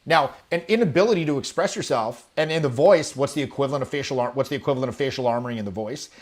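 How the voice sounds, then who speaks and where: A man teaching charisma to camera, lively and demonstrative, acting out examples and swearing casually. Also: mid-range voice, rapid-fire. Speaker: charisma coach. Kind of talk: animated coaching talk to camera. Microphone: webcam or camera, video talk.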